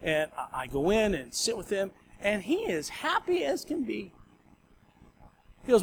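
A man's voice: sits high, very animated, measured pace, breathy edge. A male pastor preaching a sermon in a conversational storytelling way.

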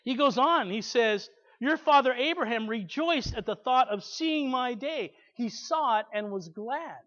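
A man's voice: extremely high pitch, lively intonation, a little slow, few pauses, a bit bright. A man preaching a sermon, reading scripture aloud with emphatic asides to the congregation. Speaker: pastor. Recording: slightly dull lo-fi recording.

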